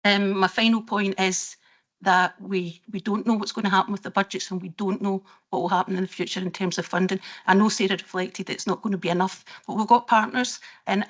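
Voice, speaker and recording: A Scottish woman on a council board, speaking earnestly at a meeting, halting and restarting, her voice wavering with emotion. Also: mid-range voice. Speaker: board member. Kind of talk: formal meeting speech.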